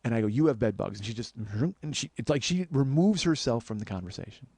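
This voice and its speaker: A comedian in his forties tells a story straight into a close mic, and the room sounds dry. He swears freely and jumps from loud, exasperated bursts back to quieter asides. His voice sits at an ordinary middle pitch for a man. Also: brisk, slightly rough, dry recording. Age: 40s. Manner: animated, heavy swearing, jumps between loud outbursts and low asides. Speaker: comedian and podcast host. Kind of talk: storytelling monologue.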